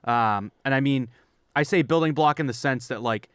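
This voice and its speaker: A male podcast co-host who runs through lists of stats and player moves in a brisk reading voice, then slips into casual commentary. His tone is clear and smooth at a middle pitch, recorded dry and close. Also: fairly bright tone, no room sound. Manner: reads off lists of stats and signings briskly, then chats loosely. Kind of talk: casual sports chat.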